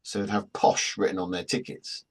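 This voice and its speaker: Male workshop presenter, husky lower voice, chatty and jokey anecdotes. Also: flat delivery, moderate pace. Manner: chatty, joking storyteller.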